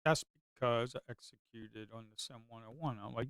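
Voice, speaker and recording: A middle-aged man talks through his trading session in a relaxed, rambling way. His voice is smooth and resonant, and he often repeats phrases or drops sarcastic remarks. The sound is dry and close, with no room echo. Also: medium pitch, a little fast. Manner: chatty, repeats himself, sarcastic asides. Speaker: day trader streaming live. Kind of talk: casual live-stream trading commentary.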